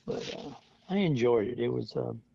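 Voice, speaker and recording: A man's voice: medium pitch, lively intonation, normal speed, dark tone, a little hiss or hum. A man in his seventies, a veteran telling stories in an oral history interview, chatty and often laughing as he acts out what people said. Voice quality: gravelly, husky. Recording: dull lo-fi dry recording.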